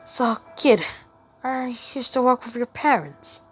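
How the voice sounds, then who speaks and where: A woman's voice: on the high side, lively intonation, takes it slowly, breathy edge, faint music behind, voice pushed up, heavily acted. A woman voicing a shady, pushy male crime boss in a raised, blustering voice.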